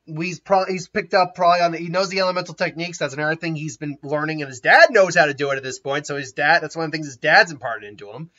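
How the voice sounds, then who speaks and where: A man's voice: on the high side, fast talker, few pauses, pushed and bright. A man casually retelling a story, rambling, laughing often and restarting his sentences. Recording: dull lo-fi recording.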